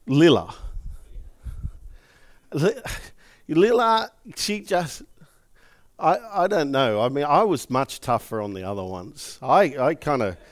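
A middle-aged pastor delivers a sermon, sharing personal stories with emotion and acting out quotes in an animated way. His pitch is fairly high, and he speaks slowly with frequent pauses.

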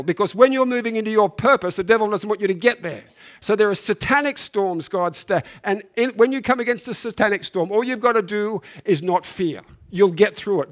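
A man preaching a sermon, reading scripture and then speaking earnestly, building to emphatic peaks and often restarting his phrases. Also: high voice.

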